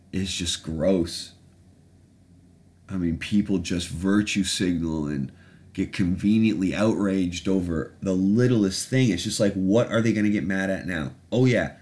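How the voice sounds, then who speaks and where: A man's voice: sits low, a little mellow. A man hosting a podcast in casual chat, rambling, sarcastic and profane. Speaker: podcast host.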